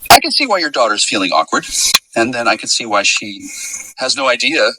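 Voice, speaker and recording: Lively, bright-toned man ranting sarcastically. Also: brisk, no room sound, recorded from a distance, rough recording. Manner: sarcastic, accusing rant with sudden pitch jumps. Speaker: vlogger. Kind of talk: rambling solo monologue.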